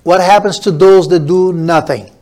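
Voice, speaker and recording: Male pastor, sermon, emphatic, repetitive build-ups, fairly high voice. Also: fairly even intonation, normal speed, a little mellow.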